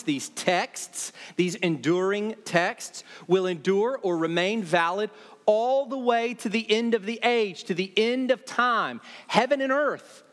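A man preaching an expository sermon, emphatic and repeating key phrases, often dropping his voice low to land a point. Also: fairly bright tone, long reverb tail. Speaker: pastor.

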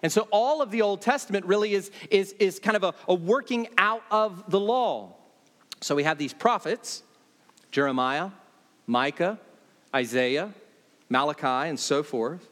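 A man preaching an expository sermon, emphatic and repeating key phrases, often dropping his voice low to land a point. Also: lively intonation, measured pace, a bit bright, big-room sound. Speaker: pastor.

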